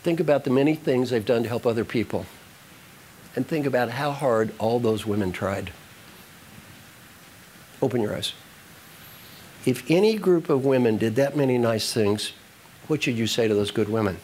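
Man, motivational speaker, live talk to audience, animated, repeats lines, faint room noise. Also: medium pitch, moderate pace, long pauses. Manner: animated, repetitive, directs the audience.

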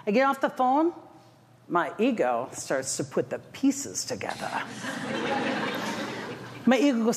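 A middle-aged woman giving a motivational keynote talk to a live audience, telling stories in an animated, self-mocking, dramatic way. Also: mid-range voice, moderate pace, long pauses. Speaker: motivational speaker. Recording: echoey hall with faint noise.

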